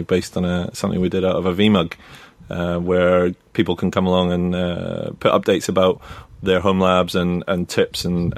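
A Scottish man talking as a guest on a tech podcast, relaxed and rambling with plenty of fillers. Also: deep voice, no echo. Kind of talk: casual interview chat.

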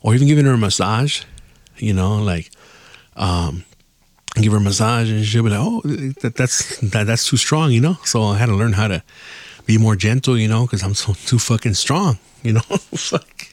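A man's voice: lowish voice, moderate pace, darkish tone, dry recording. A man hosting a podcast, telling a rambling, profane story in casual chat and laughing often. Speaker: podcast host.

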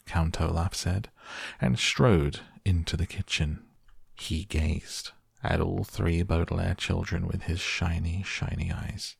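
A man narrating an audiobook in a wry, measured storytelling manner. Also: low voice, steady tone, vocal fry, slightly rough, dry recording, clean studio sound.

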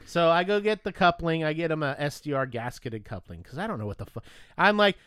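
A man telling a story in casual chat, animated and profane, acting out both sides of a conversation. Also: fairly high pitch, brisk, smooth, dry recording, studio quality.

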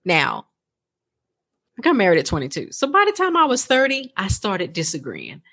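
A woman's voice: medium pitch, wildly swooping pitch, moderate pace, a bit bright. A woman in her thirties hosting a coaching podcast, talking in a chatty, encouraging way with lots of "like" and "right?". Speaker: podcast host and life coach. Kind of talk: casual podcast talk.

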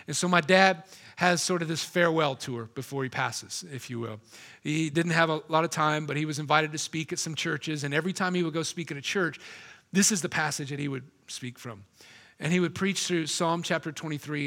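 A man preaching a sermon as pastor, emphatic, dropping soft and low to linger on quoted lines.

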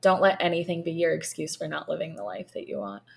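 A woman in her thirties co-hosting a podcast in casual chat, a lively storyteller who laughs often. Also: low-pitched, fast talker, gravelly. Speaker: podcast co-host.

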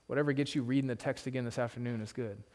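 A man's voice: mid-range voice, steady tone, very fast, a little mellow. A male pastor preaching an expository sermon in a conversational way, with humorous asides and points repeated for emphasis.

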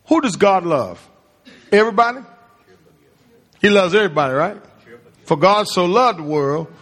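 With a high-pitched, fairly bright voice and lively intonation, this pastor preaches at normal speed. He draws his congregation into call-and-response, questioning them throughout, while the sanctuary's long reverb rings out.

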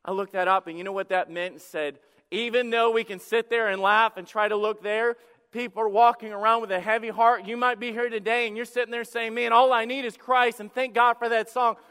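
A man preaches a sermon in a church, with a high, bright, clean-edged voice. He shifts between hushed, intimate stretches and loud, fervent bursts. Long reverb from the hall trails behind every phrase. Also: steady tone, fairly quick, smooth. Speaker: pastor. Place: church sanctuary.

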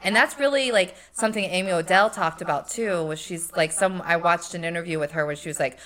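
Woman co-host with a lowish voice, loose chat. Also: a little fast, a bit bright. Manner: loose, filler-heavy, laughs easily. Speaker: podcast co-host. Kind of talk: casual chat.

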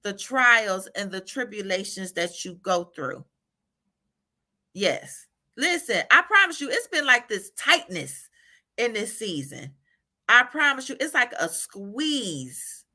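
Bright, animated woman encourager. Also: mid-range voice, takes it slowly. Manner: animated, laughs often, asks "right?" repeatedly. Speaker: faith encourager. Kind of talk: informal devotional talk.

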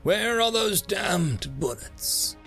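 A man voicing a rough, crude male killer who blurts startled outbursts. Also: sits high, expressive, takes it slowly, sharp tone, faint music behind, pitched above the performer's own voice, heavily acted. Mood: startled, rattled.

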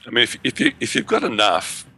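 A man's voice: mid-range voice, wildly swooping pitch, quick pace, creaky, bright, forceful tone. A man co-hosting a gaming podcast, reading a listener email aloud in an easygoing way with joking asides. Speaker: podcast co-host.

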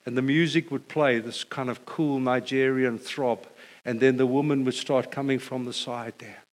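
A middle-aged man preaching a sermon, telling stories with animated delivery and building to a repeated refrain. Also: medium pitch, normal speed. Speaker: pastor.

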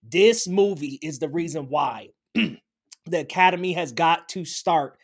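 A man's voice: a little high, unhurried. A man co-hosting a casual film review chat, talking enthusiastically and emphatically. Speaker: podcast co-host.

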